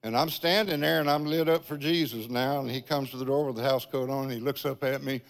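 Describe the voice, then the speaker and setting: A man's voice: medium pitch, fairly even intonation, brisk, creaky. An older man preaching a sermon in a church, telling a folksy personal testimony and often calling out "Amen" to the congregation. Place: large church sanctuary. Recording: long church-hall reverb.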